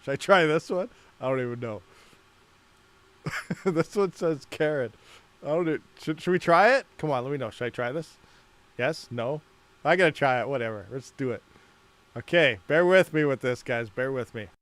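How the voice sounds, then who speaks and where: A man's voice: mid-range voice, lively intonation, normal speed, pauses often, a bit bright. A man hosting a livestream, rambling casually, laughing a lot and muttering while he fiddles with settings. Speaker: mining livestream host.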